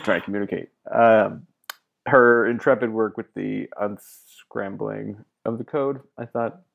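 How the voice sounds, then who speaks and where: Gravelly-voiced man, joking co-host. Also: on the low side, fairly even intonation, a little slow, narrow, tinny audio. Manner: jokey, slips into silly put-on voices. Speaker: podcast co-host. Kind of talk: casual chat.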